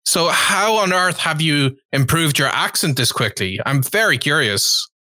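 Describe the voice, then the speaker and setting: A curious man hosts an interview, asking eager questions and restarting his sentences as he goes. His voice is bright and forceful. The recording is dry and close, with no room sound. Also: on the high side, lively intonation, unhurried, dry recording. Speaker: host, interviewer. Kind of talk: casual interview.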